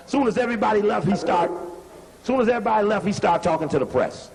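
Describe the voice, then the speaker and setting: A man giving emphatic, animated commentary over archival video, repeating points and telling someone to stop and rewind the playback. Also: high voice, quick pace, creaky, long reverb tail, poor audio. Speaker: lecturer analyzing archival footage.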